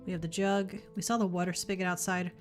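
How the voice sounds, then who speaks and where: Speaking fast in a lowish voice with little pitch movement, a woman streams a puzzle game. She chats casually, thinks out loud as she plays, and drops the occasional swear while faint game music plays.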